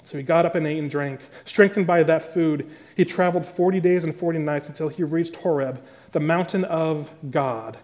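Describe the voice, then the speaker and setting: A male pastor delivers a sermon in a fairly high voice, mixing scripture reading with his own commentary. His delivery grows emphatic as he presses the point, repeating key phrases for weight. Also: moderate pace, darkish tone. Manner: emphatic, building intensity.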